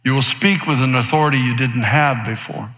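A man's voice: medium pitch, brisk, a bit bright. A male pastor preaching a sermon in an emphatic way. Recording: preacher in a reverberant hall.

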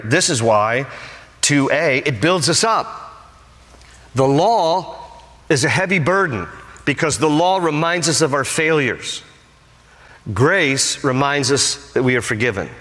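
A man's voice: medium pitch, fairly bright tone. A male pastor preaching a sermon with emphatic, rising repetitions. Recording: long hall reverb.

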